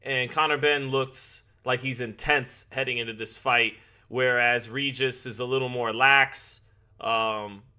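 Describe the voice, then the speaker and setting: Bright-voiced man hosting a boxing stream. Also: mid-range voice. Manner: chatty, greets viewers by name, repeats phrases. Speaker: boxing live-stream host. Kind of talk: live-stream commentary with chat shout-outs. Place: home basement.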